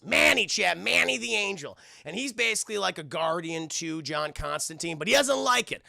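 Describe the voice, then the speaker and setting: A man streaming a casual TV episode review, talking excitably and profanely while addressing his chat. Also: sits high, normal speed, creaky, dry recording, clean studio sound.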